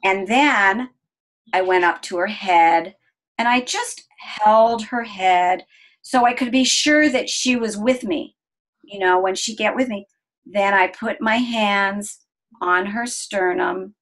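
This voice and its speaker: A middle-aged woman recounts a family story in an earnest, gentle voice of ordinary middle pitch. She slows down and softens as she describes the calm moments. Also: poor audio. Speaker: interview guest. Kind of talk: personal storytelling.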